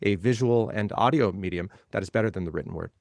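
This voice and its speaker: A man's voice: fairly low pitch, fast, gravelly, darkish tone, no echo. A man being interviewed as a legal tech guest, explaining ideas in a conversational way and building points by repeating phrases.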